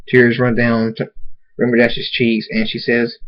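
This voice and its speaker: A man's voice: mid-range voice, completely flat delivery, a little slow. A man reading a fan story aloud in a plain voice, sometimes stumbling and restarting words. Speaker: reader. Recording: dull lo-fi recording.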